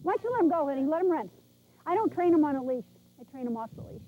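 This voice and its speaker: A woman animal trainer coaches pet owners outdoors on an old VHS tape. Her voice sits high but mellow, and her instructions come chatty and direct. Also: sing-song, rapid-fire, low-quality recording.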